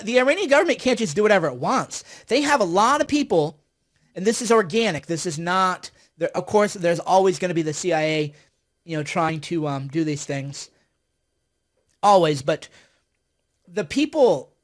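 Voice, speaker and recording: A man commenting on politics on a live stream, heated and sarcastic, often repeating himself. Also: high voice.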